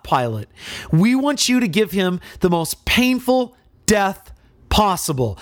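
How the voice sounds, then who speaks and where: A bloodthirsty mob of religious leaders , played by a preacher, demands a cruel death in harsh, drawn-out words. The voice leaps and drops, recorded dry and close. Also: male voice, sits high, no echo.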